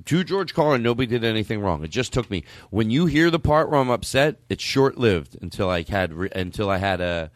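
A man's voice: fairly low pitch, brisk, hardly any pauses, dry recording. A man telling a comedic story casually, swearing often and acting out what people said. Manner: animated, profane, acts out quotes.

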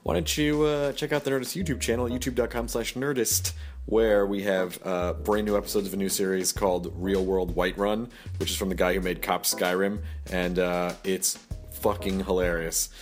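A man's voice: low voice, steady tone, normal speed, faint music behind. Rambling, jokey male podcast host. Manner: rambling, jokey, self-correcting. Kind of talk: casual ad read.

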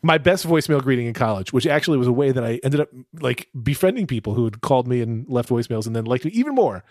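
A man's voice: mid-range voice, quick pace, no room sound, clean studio sound. A man co-hosting a podcast, chatting casually and acting out funny quotes in his stories. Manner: animated storyteller, acts out quotes. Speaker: podcast co-host. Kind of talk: casual chat.

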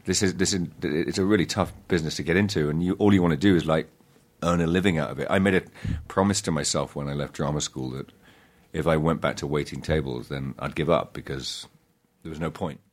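A man, an actor, chatting in an interview, halting with many restarts and fillers, self-deprecating. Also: extremely low pitch. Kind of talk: casual interview chat.

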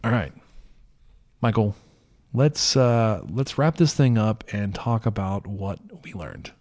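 A man's voice: on the low side, slow. A man hosting a podcast, chatting casually about sports with easy restarts. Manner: relaxed, repeats words. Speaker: podcast host.

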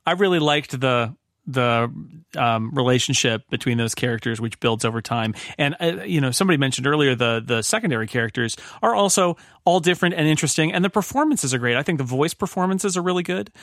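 A man's voice: mid-range voice, expressive, a little fast, a bit bright, no echo, studio quality. A man hosting a podcast in casual discussion, chatty and given to stammering restarts. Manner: chatty, stammers and repeats words. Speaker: podcast host.

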